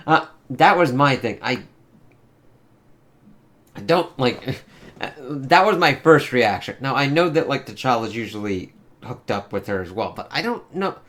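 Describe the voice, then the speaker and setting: Man, casual comic reviewer, mid-pitched, rambling and profane, thinks out loud. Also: expressive, a little slow. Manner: rambling and hesitant, swears freely. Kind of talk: casual spoiler review commentary.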